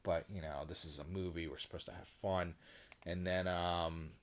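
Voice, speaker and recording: Lowish man recapping a film with gusto. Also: moderate pace. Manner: animated retelling, acts out lines, swears. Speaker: podcast co-host. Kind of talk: casual movie recap chat.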